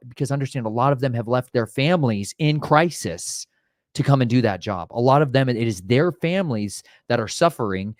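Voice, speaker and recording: A man with a Southern American accent telling a storm story in casual chat, lively and acting out dialogue, with a preachy streak. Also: mid-range voice, no room sound, studio quality. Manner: animated, acts out his own and others' voices in retold dialogue; preachy, mixes religious exhortation into talk. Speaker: vlogger sharing storm preparedness experiences.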